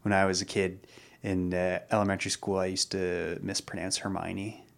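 A man in his twenties co-hosting a radio chart countdown, easygoing and quick to laugh at himself, speaking into a studio microphone. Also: low voice, flat delivery, gravelly. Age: 20s. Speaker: radio co-host.

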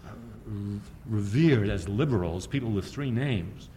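A man giving a public history lecture, sardonic and animated, firing off rhetorical questions and often chuckling at his own points. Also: fairly low pitch, a little slow, slight background noise.

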